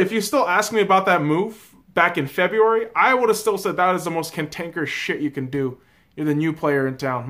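On his sports vlog, this man speaks in a fairly high, fairly bright voice. His delivery is a loose, profanity-heavy rant aimed at viewers he addresses as boys and girls.

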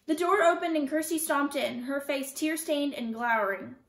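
Teacher lady reading a book out loud, high voice, expressive, echoey room. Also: moderate pace. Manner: clear, expressive storytelling. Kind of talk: reading a novel aloud. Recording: roomy echo.

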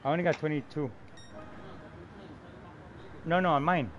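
A man's voice: on the high side, normal speed, muffled recording, slight background noise. A man streaming a racing game live, telling stories in casual, profane banter full of laughter. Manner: profane, laughing, animated storytelling.

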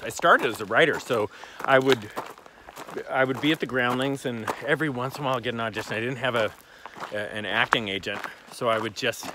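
A man in his forties, a comedian, chatting casually while hiking and telling animated stories outdoors. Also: background noise. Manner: animated storyteller, jumps into high voices for quotes. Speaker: comedian guest.

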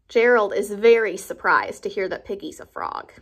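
A preschool teacher reading a picture book aloud to young children, with animated, expressive storytelling. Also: female voice, mid-range voice, moderate pace.

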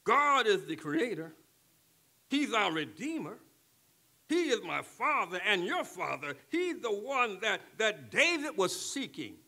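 An older man preaching a sermon, who keeps checking in with the congregation and moves from quiet talk to shouting. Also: high voice, very animated, measured pace. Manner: call-and-response preaching, swings from soft talk to shouting. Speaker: pastor.

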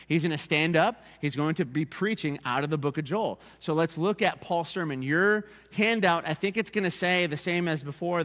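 A man's voice: on the high side, a bit bright, long reverb tail. A man preaching a sermon as pastor, emphatic and repeating key phrases for his congregation. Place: church sanctuary.

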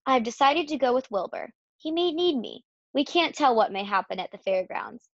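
A clever female spider speaks softly and calmly, as a woman voices her in a storybook. The sound is dry and a little dull. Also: high voice, normal speed, no room sound, pitched above the performer's own voice. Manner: soft, calm.

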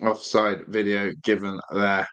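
A young man hosting a live football watch-along, nervous and excitable, groaning low one moment and shouting with joy the next. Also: unhurried. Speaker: fan watch-along host.

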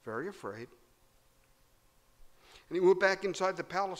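A man preaching a sermon, swinging between loud emphasis and hushed low tones. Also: animated, moderate pace, long pauses. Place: church hall. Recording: long hall reverb.

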